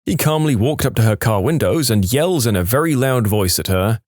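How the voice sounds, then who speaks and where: A man reading stories aloud with a dry, deadpan delivery. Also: on the low side, normal speed, few pauses, no room sound. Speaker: story narrator.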